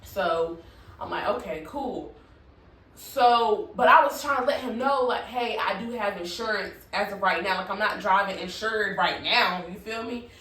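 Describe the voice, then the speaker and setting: A woman's voice: medium pitch, measured pace, fairly bright tone. A woman vlogger telling a casual storytime story, talking loosely with lots of "like" and "you feel me" and frequent swearing. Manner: conversational, leans on "like" and "you feel me", swears freely. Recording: echoey room, voice from a distance from the mic.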